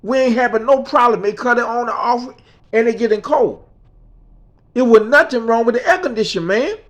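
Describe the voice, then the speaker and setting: A woman's voice: a little high, expressive, brisk, pitched above the performer's own voice, natural voice. A man voicing his indignant mother as she defends her son, in an emphatic, scolding way.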